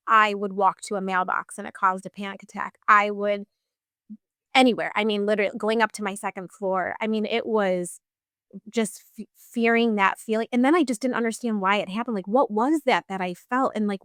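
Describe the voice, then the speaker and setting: A woman's voice: medium pitch, fairly bright tone, dry recording, studio quality. A woman in her thirties, a podcast guest telling her personal story in a casual, chatty way full of fillers.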